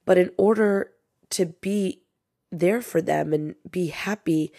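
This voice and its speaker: A woman's voice: lowish voice, takes it slowly, warm tone, no room sound, studio quality. A young woman hosting a podcast, talking casually and confidingly to listeners while she is sick. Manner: chatty, confiding, says "you guys" often. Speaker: podcast host.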